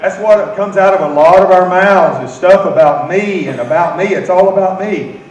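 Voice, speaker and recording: A man's voice: high-pitched, normal speed, lo-fi sound. An American man preaching a sermon as pastor, having the congregation repeat phrases after him. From United States. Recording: echoey room, mic from far off.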